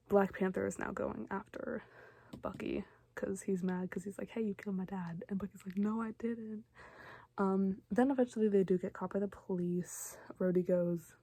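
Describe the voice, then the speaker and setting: A woman's voice: medium pitch, vocal fry, warm tone, dry recording. A young woman casually recapping a film in a rambling, chatty way, full of fillers and asides. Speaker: vlogger recapping films.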